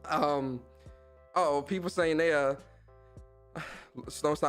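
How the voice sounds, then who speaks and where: Brief: upbeat male streamer, slightly high voice, slangy shout-outs, faint music under him. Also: expressive, moderate pace, long pauses. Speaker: podcast and stream host. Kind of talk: casual live-stream chat.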